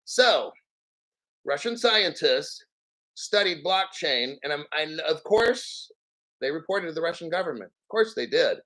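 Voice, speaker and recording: A male crypto host rants on his live stream in a brash, mocking manner, swearing freely. His voice sits fairly high for a man. He clears his throat again and again between points. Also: animated, a little slow, sharp tone, poor audio.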